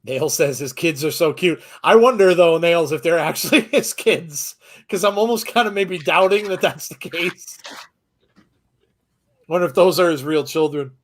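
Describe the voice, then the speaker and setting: High, excitable laughing man. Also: normal speed. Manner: excitable, laughs often, gushing exclamations. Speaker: co-host of a wrestling watchalong. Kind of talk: live reaction commentary.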